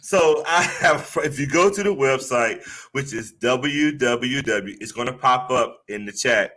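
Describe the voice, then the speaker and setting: A man joining as a guest counselor in a casual conversation over a video call, speaking in a lively, affirming way. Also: mid-range voice.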